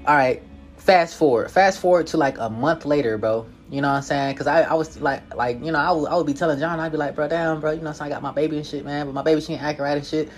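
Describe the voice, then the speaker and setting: A young man telling a casual story in a profane, slangy, animated way, full of filler tags. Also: a little high, quick pace, faint music behind.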